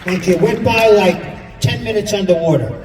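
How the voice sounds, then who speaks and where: A middle-aged man doing stand-up comedy, telling family stories in an animated way on a stage in a large hall. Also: sits high, moderate pace, far from the mic, crowd noise, noisy background. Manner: animated storytelling, playing family members. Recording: echoey hall from afar, audience laughter.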